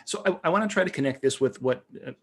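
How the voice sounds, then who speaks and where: A man's voice: mid-range voice, expressive, fast, husky. Rambling American man co-hosting. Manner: rambling, many fillers and restarts. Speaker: podcast co-host. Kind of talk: casual discussion.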